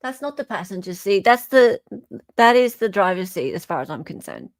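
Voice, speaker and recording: A woman's voice: mid-range voice, sing-song, moderate pace, no room sound, studio quality. A woman hosting a podcast, chatting bluntly and mockingly about the news. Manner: blunt, mocking, laughs often. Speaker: podcast host. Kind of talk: casual commentary chat.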